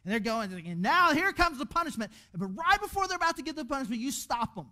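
A man preaching a sermon as pastor in a church, animated and conversational, restarting his words often. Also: very high-pitched, quick pace. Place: church auditorium.

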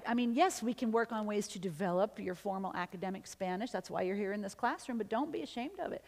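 A woman's voice: medium pitch, fast, hardly any pauses, big-room sound. A woman linguist giving a conversational symposium lecture. She switches between English and Spanish and keeps checking in with "okay?" and "right?". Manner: lively, often ends points with "okay?" or "right?". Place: university lecture hall.

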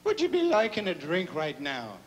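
A man's voice: high voice, wildly swooping pitch, moderate pace, voice pushed up. A man doing a tipsy lilting priest. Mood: boozy cheer. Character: tipsy middle-aged Irish priest in the far north. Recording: noisy live concert recording.

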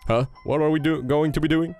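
A man reading a relaxed, teasing skeleton's lines from a game. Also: a little high, brisk, soft background music, natural voice. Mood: laid-back. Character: laid-back joking skeleton man.

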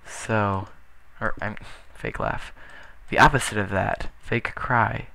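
A man's voice: lowish voice, fairly even intonation, slow pace, vocal fry, pushed and bright. A young man casually commentating his gameplay, rambling with self-deprecating jokes. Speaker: gaming channel host. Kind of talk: casual Let's Play commentary.

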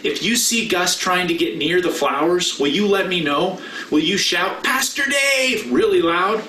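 A man leads a children's message as pastor, with playful, animated banter and a high, bright, swooping voice. He sounds off-mic and distant in a roomy church. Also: moderate pace, a little hiss or hum. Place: church sanctuary.

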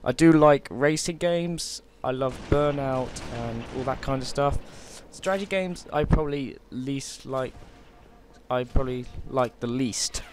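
Casual British male gaming commentator, mid-pitched, joking and hesitant, game gunfire loud behind. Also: unhurried, slight background noise. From Britain. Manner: chatty, joking, many hesitations. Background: game gunfire and explosions.

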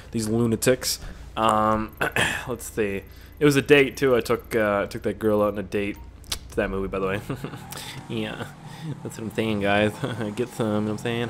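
A man's voice: fairly low pitch, slight background noise. A young man chatting casually while playing a game, rambling and profane, jumping between stories and the action. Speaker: gaming YouTuber. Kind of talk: casual gameplay commentary.

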